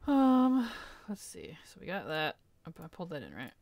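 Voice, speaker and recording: A woman's voice: fairly low pitch, wildly swooping pitch, moderate pace, darkish tone, soft background music. A young adult woman live-streaming a game in casual chat, reading viewers' messages aloud, answering them and laughing often.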